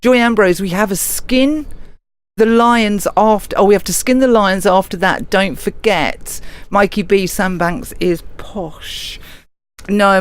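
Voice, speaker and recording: A woman's voice: medium pitch, clean tone. Woman, english, live radio host, chatty, teasing, reads out messages, casual. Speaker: radio show host reading listener messages.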